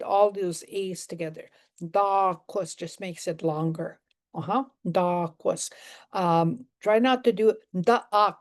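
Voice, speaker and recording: A woman teaching a live language lesson, patiently repeating each phrase and gently correcting pronunciation. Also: medium pitch.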